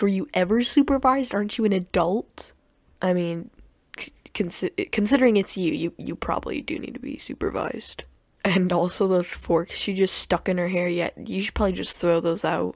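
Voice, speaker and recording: A woman's voice: lowish voice, moderate pace, dry recording, studio quality. A young woman giving sarcastic, mocking commentary on clips, often tripping over her words. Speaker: commentary youtuber.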